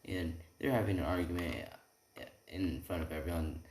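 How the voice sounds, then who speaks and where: Man, casual rambling storyteller, very low voice, echoey room. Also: moderate pace, a little mellow. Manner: rambling, keeps asking "right?". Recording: roomy room echo, faint noise.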